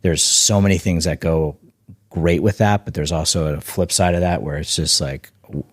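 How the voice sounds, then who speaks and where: Low-voiced man, emphatic and rambling. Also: fairly even intonation, moderate pace, breathy edge, no echo, clean studio sound. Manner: emphatic, restarts and repeats words; swears casually. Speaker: guest, snack bar founder. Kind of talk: casual podcast chat.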